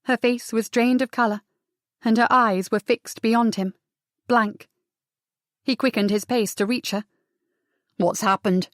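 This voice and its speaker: A woman's voice: fairly high pitch, fairly even intonation, measured pace, pauses often, dry recording, studio quality. A woman narrating a historical romance audiobook steadily and expressively. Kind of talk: scripted narration.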